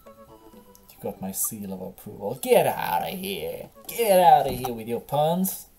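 Deep-voiced English woman streamer. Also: very animated, slow, dark tone, soft background music. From England. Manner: rambling and jokey, lots of "like". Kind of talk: casual gameplay commentary.

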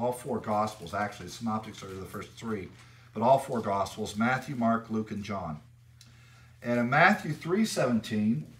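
A male pastor delivering an expository sermon in a church. His voice sits at a middle pitch and carries some distance to the microphone. He grows louder and higher whenever he reads scripture aloud. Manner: emphatic, rises in pitch and volume when reading scripture aloud. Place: church sanctuary.

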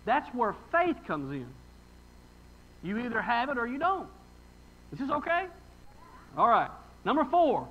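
A man's voice: very high-pitched, huge pitch swings, measured pace, pauses often, lo-fi sound. A pastor preaching a sermon in a folksy, emphatic way, reading scripture and asking his congregation rhetorical questions.

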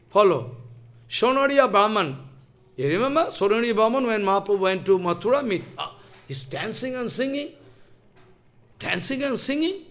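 A man's voice: high voice, a bit bright. A man giving a sermon as a spiritual teacher, emphatic and scolding, firing off rhetorical questions.

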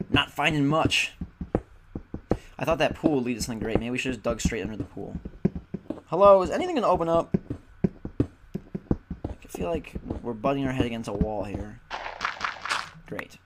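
A tired young man giving casual, chatty gaming commentary and grumbling at the game. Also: mid-range voice. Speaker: gaming YouTuber. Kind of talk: casual Let's Play commentary. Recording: loud background noise.

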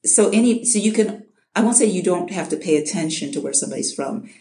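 Low-voiced woman narrator in echoey room. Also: lively intonation, fast, dark tone. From Chicago, US. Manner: chatty, repeats words when restarting, laughs often. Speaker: audiobook narrator, guest. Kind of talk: casual interview chat.

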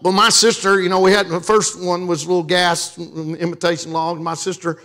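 High, bright-voiced preaching pastor. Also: male voice, moderate pace. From Louisiana, USA. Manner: animated, joking, with call-and-response to the congregation. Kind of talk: sermon.

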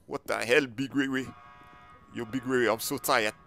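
A man's voice: mid-range voice, fairly even intonation, moderate pace, vocal fry, fairly bright tone, a little hiss or hum. A gaming YouTuber, a man chatting in a jumpy, panicky way full of "yo" while role-playing through gameplay. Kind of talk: excited role-play gameplay chat.

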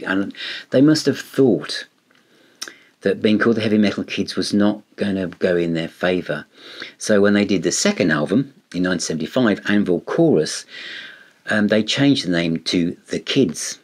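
A man's voice: sits low, slightly rough. A man reviewing a rock box set in a rambling, conversational way, full of fillers and restarts. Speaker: music reviewer. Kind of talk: casual album review.

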